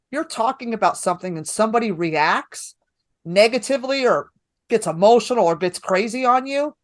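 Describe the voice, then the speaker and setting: A woman's voice: mid-range voice, no room sound. A woman stand-up comedian, a guest on a podcast, talking casually and telling stories with acted-out quotes. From New York. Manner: animated storytelling with acted-out quotes.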